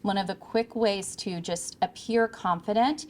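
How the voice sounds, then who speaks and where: A woman's voice: medium pitch, measured pace, a little mellow. Brief: woman speaker at a podium, projected and emphatic, coaching tone. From California. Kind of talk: presentation to interns. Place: event room with audience. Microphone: handheld or podium microphone.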